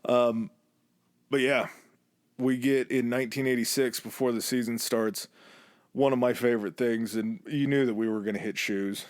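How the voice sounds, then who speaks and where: A man hosts a podcast and tells a story in a relaxed, chatty way. He drops into quick impressions when he quotes people. The sound is close and dry, with no room echo. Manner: relaxed storyteller, acts out quoted lines with shifts in pitch. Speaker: podcast host. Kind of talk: casual storytelling chat.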